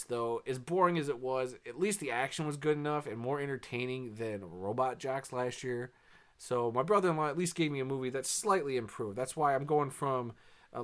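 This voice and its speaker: A man reviews a movie in a loose, unscripted way. He rambles, drops lots of fillers, and keeps a dry, sarcastic edge. He often sighs or laughs, and his voice sits at a middle pitch. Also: a bit bright. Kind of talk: casual spoken review.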